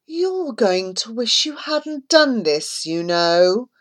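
A woman's voice: on the high side, big pitch swings, takes it slowly, voice pushed up. A woman voicing an angry male landowner who barks threats. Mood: indignant. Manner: barking, shouting threats.

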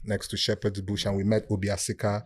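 Nigerian man, animated storyteller, does the voices of people in his tales. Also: fairly low pitch, quick pace, breathy edge. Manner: animated, acts out quoted voices, laughs often. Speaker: guest storyteller. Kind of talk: casual storytelling chat.

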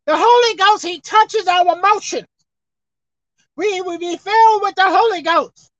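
A woman preacher delivering a sermon, swinging between loud emphatic outbursts and quiet asides. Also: extremely high pitch, fairly even intonation, unhurried, no room sound. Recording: dull lo-fi dry sound.

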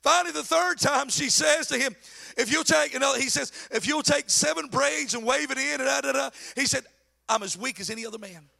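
A male pastor preaching a sermon. He drops to low asides, then shouts his points, and mocks the voices he quotes. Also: a little fast, creaky. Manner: acts out quoted voices mockingly.

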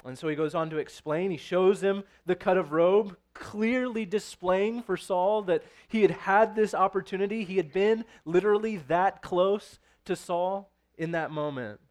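A man's voice: high-pitched, normal speed, few pauses, darkish tone. A man preaching, reading scripture aloud and then explaining it in a conversational way, often checking in with "right?". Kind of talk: sermon.

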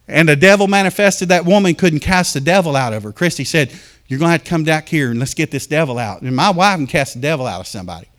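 High-voiced fervent preaching man. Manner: fervent preaching, storytelling, swings from loud to hushed; addresses congregation directly. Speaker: pastor. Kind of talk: sermon. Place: church.

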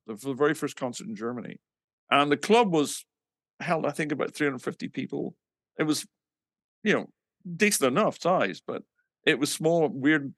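A man's voice: mid-range voice, a bit bright, dry recording, clean studio sound. A man from England casually telling stories about his band, animatedly acting out quoted dialogue and swearing now and then. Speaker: musician recounting his band's history. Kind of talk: casual anecdotal storytelling.

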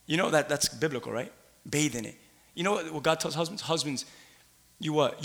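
A man in his thirties delivers a sermon, voice sitting a little high and ringing bright and forceful. He pulls the congregation into call-and-response, jumping from near-shouts to quiet asides. The sound carries a long reverb from the church hall. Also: brisk, creaky. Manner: animated call-and-response preaching, swings from shouts to hushed asides. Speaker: pastor. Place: church sanctuary.

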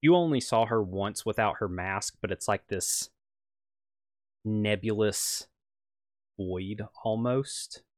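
A man's voice: lowish voice, takes it slowly, pauses often, no echo, studio quality. A young man narrating as game master, rambling with many fillers.

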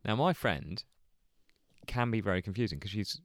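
A man telling a story in casual chat, animated, swearing and laughing often. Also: lowish voice, normal speed, dry recording, clean studio sound. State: hungover. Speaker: podcast co-host telling a story.

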